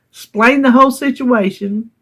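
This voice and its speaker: A woman's voice: fairly high pitch, husky. Southern lady vlogging, rambly story, keeps laughing at her own frustration. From North Carolina. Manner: animated, laughs often while telling a frustrating story. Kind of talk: casual storytelling vlog.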